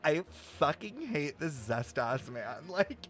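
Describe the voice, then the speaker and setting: Animated, profane male game streamer. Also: fairly high pitch, slow pace, faint music behind. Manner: excitable, profane, laughing.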